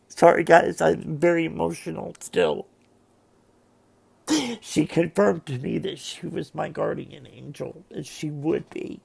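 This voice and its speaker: A man who reads tarot, talking to camera at home in a heartfelt, halting way with many restarts and pauses. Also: a little high, vocal fry, a little mellow, slightly rough. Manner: halting and emotional, with frequent restarts. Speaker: tarot reader and vlogger. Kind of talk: casual heartfelt monologue to camera. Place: at home, seated in a chair.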